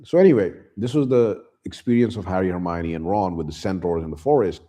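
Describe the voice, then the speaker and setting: A man's voice: sits low, fairly quick, warm tone. A man retelling a book in a casual recap, loose and slangy, with chuckling asides. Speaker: YouTube host retelling a book.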